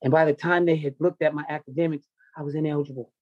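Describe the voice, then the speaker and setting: A man's voice: fairly high pitch, fairly even intonation, fast, a little mellow, no echo, lo-fi sound. A man who coaches wrestling tells a raw personal story in an interview, intense, confessional and full of swearing.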